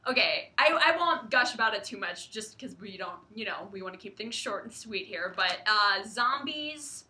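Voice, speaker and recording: Chatty young woman, bright voice. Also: mid-range voice, animated, moderate pace. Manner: chatty, giggly, many likes and ums. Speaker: publisher livestream co-host. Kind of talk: casual chat. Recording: echoey room.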